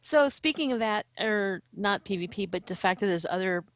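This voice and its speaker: A woman's voice: mid-range voice, lively intonation, normal speed, fairly bright tone. A woman co-hosting a podcast, asking the guest rambling, searching questions. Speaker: podcast co-host. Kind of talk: casual interviewing chat.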